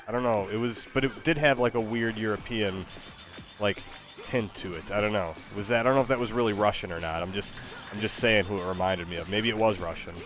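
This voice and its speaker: A man's voice: fairly low pitch, a little fast, a bit bright, soft background music. A man chatting casually while he plays a game, hesitant and rambling. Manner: hesitant, rambling, many fillers. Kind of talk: casual chat while gaming.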